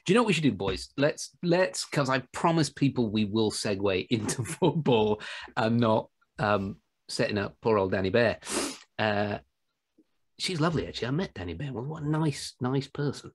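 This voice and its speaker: A British man hosting a podcast, telling anecdotes in an animated, jokey way. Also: medium pitch, moderate pace, slightly rough. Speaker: podcast host. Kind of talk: casual storytelling chat.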